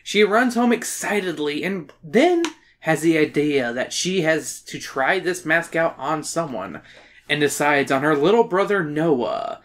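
A woman's voice: low voice, unhurried. A woman hosting a casual podcast, recapping a children's horror book with jokes and swearing. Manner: animated, swearing, joking recap. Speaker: podcast host. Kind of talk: casual chat, summarizing a book.

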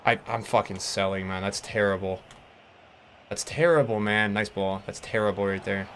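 This young man's voice sits fairly low and moves at normal speed, with slight background noise behind it. He's streaming a football video game, casually commenting, getting excited, cursing a lot, and addressing his chat.

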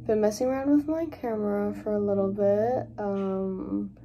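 A young woman chatting excitedly in a home vlog, gushing and giggly, filmed on a phone. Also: mid-range voice, moderate pace, a little hiss or hum. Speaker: vlogger. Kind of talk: casual vlog chat. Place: home room at night. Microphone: phone camera.

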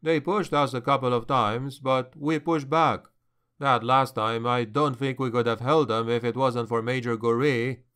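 A man's voice: mid-range voice, steady tone, unhurried, a bit bright, clear, resonant tone, natural voice. Man voicing male officer, modest, matter-of-fact, plain voice.

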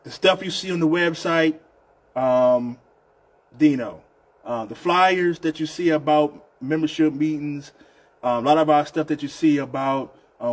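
A chatty man with a Southern US accent hosts a casual live union show. His voice is husky and a bit higher than most men's. He talks loosely, repeats words and drops "man" into nearly every sentence. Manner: loose, repetitive, chatty, says "man" often. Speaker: union leader hosting an online show. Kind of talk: casual live-stream talk.

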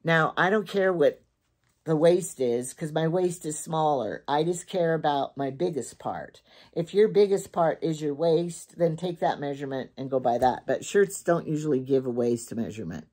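A woman's voice: low-pitched, moderate pace, darkish tone. An older woman in casual, rambling chat, talking through a shopping haul as she goes. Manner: chatty, rambling, thinks aloud and repeats herself. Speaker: shopping vlogger.

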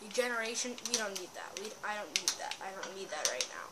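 A woman giving casual gameplay commentary, excitable and often bursting into yells. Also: medium pitch, quick pace, hardly any pauses, a little hiss or hum.

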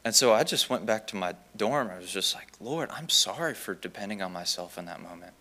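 Speaking briskly in a fairly low voice, a young student gives his chapel testimony with lots of animation. He performs the quoted dialogue of the people he describes as he goes.

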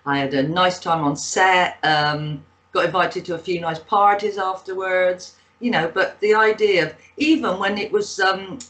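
Heard on a low-quality recording, this sixty-something actress and author speaks in a lower voice with a fairly bright tone and a Bristol accent. As a casual interview guest, she wanders through anecdotes, full of fillers.

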